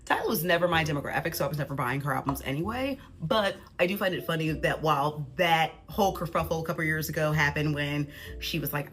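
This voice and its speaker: Bright, sarcastic American woman commentator. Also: sits low, fast talker, faint music behind. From United States. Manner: animated, sarcastic. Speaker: social media commentator. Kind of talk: casual commentary.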